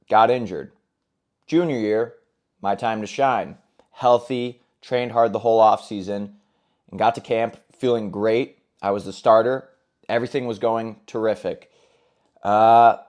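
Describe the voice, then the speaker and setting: A man's voice: on the low side, darkish tone. A man in his twenties speaking candidly and earnestly about his own experience in a casual, conversational monologue. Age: 20s. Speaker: self-improvement vlogger. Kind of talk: personal storytelling monologue.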